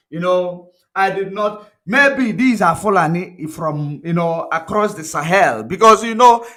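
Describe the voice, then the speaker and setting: A man's voice: high voice, fairly bright tone. A man giving an impassioned commentary monologue, emphatic and repetitive, full of rhetorical questions. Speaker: commentary vlogger.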